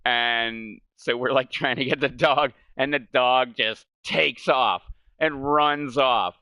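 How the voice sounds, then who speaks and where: A man's voice: mid-range voice, slow pace, pushed and bright, no room sound. A middle-aged man streaming a game from home, rambling through casual chat with swearing and laughing at his own stories. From United States. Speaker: gaming streamer. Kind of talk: casual chat while gaming. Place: home gaming setup.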